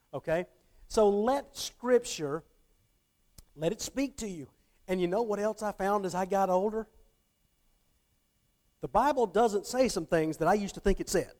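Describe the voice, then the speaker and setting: A middle-aged man giving a conversational Bible teaching talk. He checks in with his listeners often and repeats words as he restarts phrases. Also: high voice.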